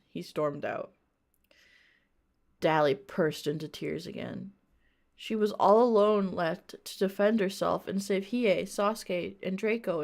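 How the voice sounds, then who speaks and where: A woman's voice: mid-range voice, creaky. A woman streamer reading bad fanfiction aloud, breaking off for mocking, profane asides.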